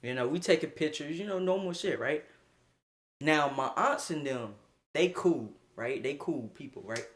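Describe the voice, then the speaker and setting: A young man streaming a casual storytime, slangy and animated, laughing often as he talks. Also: on the high side, moderate pace.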